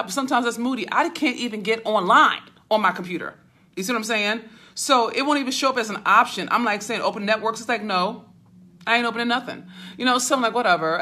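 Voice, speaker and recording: A woman's voice: fairly high pitch, sharp tone. A woman business mentor hosting a casual livestream, fussing and laughing as she talks to viewers by name over a handheld phone. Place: hotel suite. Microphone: phone held at arm's length.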